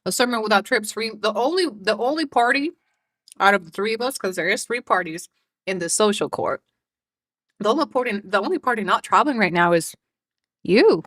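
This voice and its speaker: A woman's voice: medium pitch, animated, a little fast, a bit bright, dry recording. A woman from Mexico, a live commentary streamer, mocking another creator with profanity and frequent laughter.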